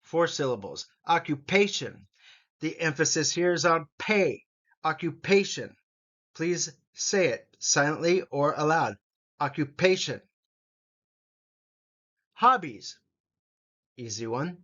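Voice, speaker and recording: A man teaching English vocabulary, saying each word slowly and repeating it for learners to copy. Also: on the high side, animated, sharp tone, highs cut off. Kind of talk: vocabulary pronunciation lesson.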